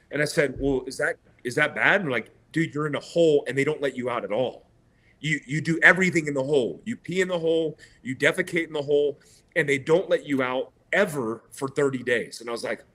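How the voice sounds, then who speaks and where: A man's voice: on the high side, a bit bright. A middle-aged man, a guest in an interview, animatedly retelling events and quoting what others said, often laughing. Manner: retells with quoted dialogue and laughs. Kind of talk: animated storytelling.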